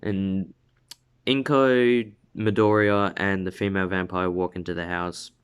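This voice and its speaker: A young man drifts through a homemade story in his room. His voice is low and smooth. He is slow and unhurried, and he keeps restarting and filling gaps. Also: little pitch movement. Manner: rambling, many fillers and self-corrections. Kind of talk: casual spoken fan story.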